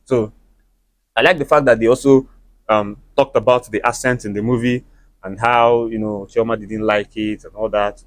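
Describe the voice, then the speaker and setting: A man's voice: fairly low pitch, dry recording. Chatty Igbo-accented Nigerian man. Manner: chatty, preachy, uses conversational tags. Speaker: movie reviewer. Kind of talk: casual opinionated review.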